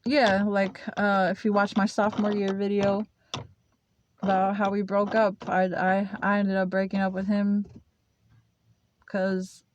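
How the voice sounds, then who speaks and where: A young woman telling a personal story to camera in a halting, confessional way, full of fillers and restarts. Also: mid-range voice, completely flat delivery, dull audio, a little hiss or hum. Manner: confessional, emotional. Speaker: vlogger. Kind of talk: casual storytelling.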